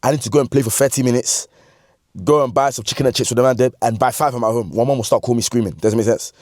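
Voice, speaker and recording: A man in his twenties with a London accent, telling a funny story from his youth in slangy, animated talk that he breaks up with laughs. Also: mid-range voice, racing, dry recording, studio quality. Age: 20s. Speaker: vlogger. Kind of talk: comedic storytime.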